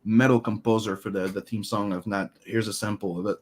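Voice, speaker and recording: A man's voice: on the low side, steady tone, brisk, heavy background noise. A man from Canada co-hosting a live stream, talking loosely and swearing freely, with lots of filler phrases. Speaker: streamer co-host. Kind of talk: casual live-stream chat.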